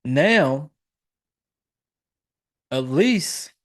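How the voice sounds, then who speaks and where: Casual, profane podcast host recapping a film. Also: male voice, fairly high pitch, expressive, very slow, fairly bright tone. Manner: loose, profane, rambling with fillers and self-corrections.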